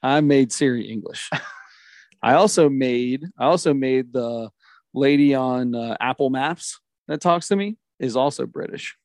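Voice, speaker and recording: A man's voice: medium pitch, unhurried, darkish tone, dry recording, studio quality. A man co-hosting a podcast in casual chat, joking and laughing often. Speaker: podcast co-host. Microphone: studio headphones and mic.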